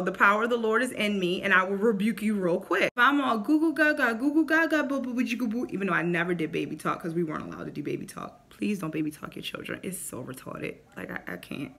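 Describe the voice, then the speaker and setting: A woman vlogging casual faith advice to camera, animated and acting out quotes in voices. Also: a little high.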